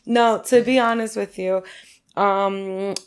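A woman's voice: mid-range voice, fairly even intonation, slow, smooth. A woman with a New York accent, chatting as a podcast guest and telling a long story in a loose, rambling way, full of "like" and swearing. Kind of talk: casual storytelling chat.

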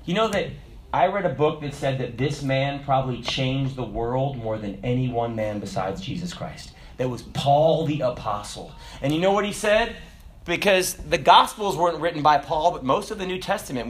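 A man preaching a sermon in an animated way, swinging from loud exclamations to hushed asides. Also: medium pitch.

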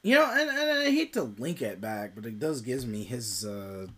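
Podcast co-host, mid pitch, very lively intonation, casual, pauses on fillers. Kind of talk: casual film review chat.

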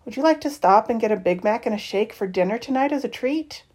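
A woman reading the lines of a patient, gentle father who keeps asking questions to understand his child. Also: high-pitched, expressive, fast talker, pitched above the performer's own voice. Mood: puzzled.

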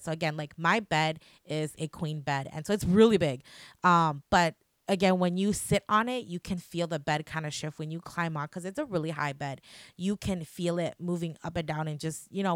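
A woman's voice: lowish voice, dry recording, clean studio sound. A young woman hosting a podcast, telling a personal ghost story in a chatty, emotional way full of fillers. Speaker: podcast host. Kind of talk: casual storytelling.

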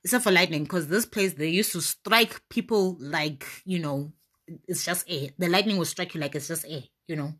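A young woman giving a motivational faith talk, telling her own story with emphatic, animated bursts that rise loud. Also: on the low side, moderate pace. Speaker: speaker sharing her story.

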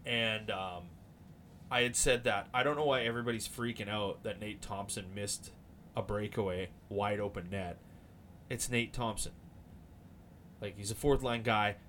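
A man hosting a podcast, talking casually about hockey in an animated, rambling way and swearing now and then. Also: on the low side, normal speed, pauses often, slight background noise. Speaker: podcast host.

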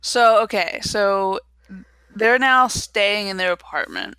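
A woman's voice: medium pitch, takes it slowly, bright, forceful tone, clear, resonant tone, dry recording. A young woman in casual chat, rambling through a story with lots of "like". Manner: rambling storytelling with many "like" fillers.

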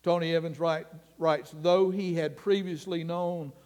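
A man preaching a sermon as pastor, earnest and deliberate, sometimes dropping his voice to a hush. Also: a little high, fairly even intonation, in a large hall. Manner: slow, earnest preaching with dramatic drops to a hush.

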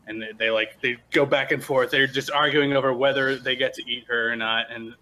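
A man running a tabletop game as game master, narrating in a relaxed, halting way. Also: mid-range voice, slight background noise.

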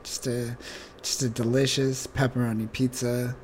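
A man's voice: mid-range voice, flat delivery, moderate pace, a little mellow, a little hiss or hum. A man co-hosting a casual podcast, recapping a comic story in a rambling, joking way with many fillers. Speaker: podcast co-host.

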